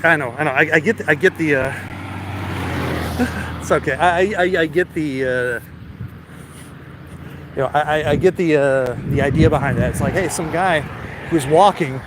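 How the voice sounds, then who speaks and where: A man's voice: fairly high pitch, moderate pace, pauses often. Rambling man on a noisy street. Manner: rambling, stammering, laughs often. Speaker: vlogger. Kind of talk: rambling storytelling while walking. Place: outdoors on a city street. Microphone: phone held while walking. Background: street traffic noise.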